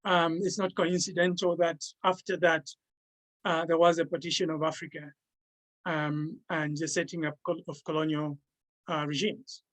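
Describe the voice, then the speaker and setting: Halting man giving an academic talk. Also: a little high, little pitch movement, a bit bright, poor audio. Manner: halting, with many repeated words and restarts. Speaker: author presenting his book. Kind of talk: academic presentation.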